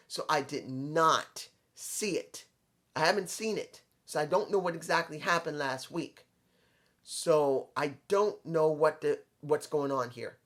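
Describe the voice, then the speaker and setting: New york guy ranting about wrestling, kinda high voice, blunt and rambly, lots of restarts. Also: a bit bright. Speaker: wrestling commentator. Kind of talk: casual wrestling recap.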